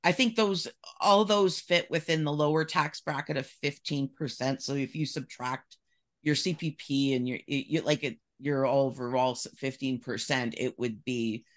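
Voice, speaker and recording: A woman's voice: rumbling low, fairly even intonation, normal speed. A woman from Canada, a podcast guest, talking in casual chat with many restarts and reading excerpts aloud.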